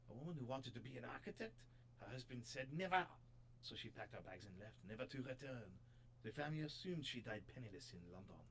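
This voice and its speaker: A man voicing a formal gentleman in a mock French accent that drifts toward German, read in a stiff, theatrical way. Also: medium pitch, expressive, fast talker, gravelly, slight background noise. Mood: earnest.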